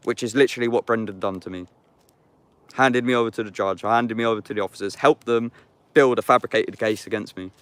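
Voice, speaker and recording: A man around thirty vlogs casually in the woods, his voice lowish, fairly quick, clear and resonant on a dry recording. He reads scripture aloud and muses on it in slangy street talk, swearing often and calling the listener "bruv." He's a YouTuber.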